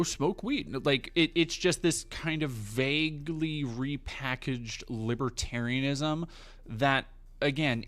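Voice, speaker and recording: Male streamer, casual and profane, stops and restarts a lot, average pitch. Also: a bit bright. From United States. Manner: rambling, profane, many fillers and restarts. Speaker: livestream host. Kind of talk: casual livestream commentary.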